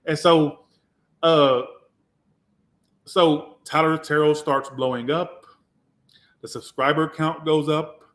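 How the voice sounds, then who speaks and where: Man, higher-pitched, reflective, profane, casual. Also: steady tone, takes it slowly, long pauses, a bit bright. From Georgia, US. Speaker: tarot reader. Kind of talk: casual personal storytelling.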